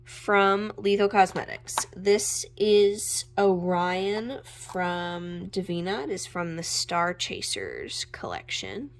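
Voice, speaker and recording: Slow, creaky-voiced woman gushing over makeup. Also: on the low side, lively intonation, slight background noise. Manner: chatty, gushing, drifting in and out of soft whispers. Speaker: makeup vlogger. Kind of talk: casual chat while swatching makeup. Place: home room with natural light.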